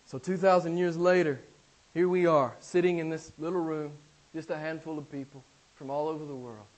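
High-voiced preaching man. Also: fairly quick. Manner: swings from loud, high exclamations to soft, low intensity; preaching with repetition and rhetorical questions. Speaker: pastor. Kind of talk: sermon. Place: small room with a congregation.

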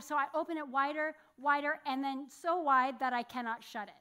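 A young woman with a high, bright voice preaches to her congregation. She tells stories in an animated way, acting out what happened. Her voice is sharp and clear, and the room is a church sanctuary. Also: fairly quick, few pauses. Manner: animated storytelling, acting out a locked jaw. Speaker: pastor. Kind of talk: sermon.

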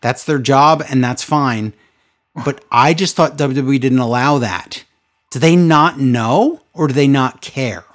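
A man's voice: mid-range voice, unhurried. A man co-hosting a casual podcast chat, ranting with sarcastic exasperation. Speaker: podcast co-host recapping wrestling.

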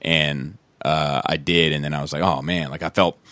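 Deep-voiced male co-host, hesitant, lots of filler words. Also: steady tone, normal speed, bright, forceful tone. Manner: hesitant, many ums and you-knows. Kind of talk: casual chat.

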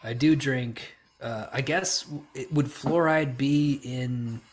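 Young male podcast co-host, easygoing and jokey, middle-pitched voice. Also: takes it slowly. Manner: laid-back, joking, short replies. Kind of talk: casual chat.

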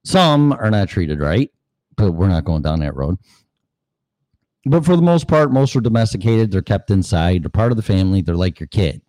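A man's voice: deep voice, animated, brisk, warm tone, no echo. A man hosting his own show, rambling in a profane, conversational way and asking rhetorical questions. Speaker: show host. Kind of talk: casual rambling monologue.

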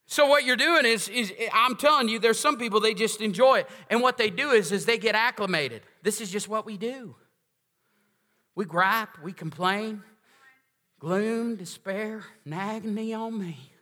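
High, bright-voiced preacher. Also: male voice, a little slow. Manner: emphatic and conversational, asks the congregation questions. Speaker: pastor. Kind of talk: sermon. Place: large church sanctuary. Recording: echoey church hall.

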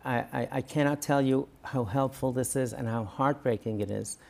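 An earnest rabbi talking through an interview, with a gravelly, creaky edge to his voice. He is a man who gets animated, often acting out the words of parents or coaches before dropping back to a plain conversational tone. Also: mid-range voice, moderate pace. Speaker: rabbi and guest.

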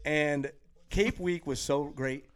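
Male podcast host, slightly high voice, excitable and laughing, casual chat. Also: slow. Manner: excitable, laughs often, stammers and restarts.

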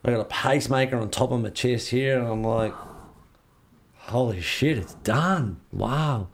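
A man with a mid-range, creaky but smooth voice is a guest in an interview. He casually tells a lively story, acting out what other people said to him.

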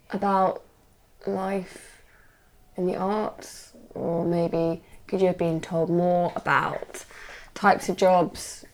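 A woman with a mid-range voice hosts a relaxed interview chat. She keeps her replies brief and encouraging and puts thoughtful questions to her guest. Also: mid-range voice. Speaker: host.

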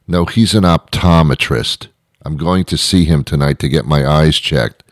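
A middle-aged man hosting a show, rambling through a comedic monologue with wry, deadpan asides. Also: very deep voice, moderate pace, dry recording, clean studio sound. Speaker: show host.

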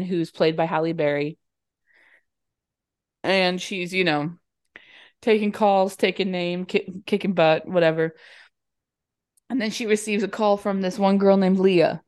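A young woman chatting casually, retelling a movie plot with lots of laughs and quick acted-out lines. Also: fairly low pitch, darkish tone. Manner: giggly, acts out lines in quick voices. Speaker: podcast co-host.

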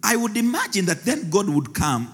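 Animated pastor with a gravelly, husky voice. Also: male voice, high voice, normal speed. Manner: emotional storytelling, swings between loud and soft. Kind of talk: sermon with live interpretation. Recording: reverberant hall with faint music.

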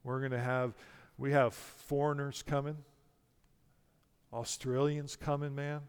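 A man's voice: medium pitch, little pitch movement, measured pace, clear, resonant tone, in a large hall. A man preaching a sermon to a congregation, emphatic and full of rhetorical questions. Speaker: pastor.

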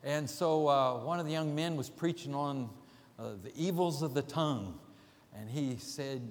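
A man's voice: mid-range voice, normal speed. A man preaching a sermon, telling folksy stories with chuckling asides, in an older, easygoing manner. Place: church sanctuary. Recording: reverberant church hall.

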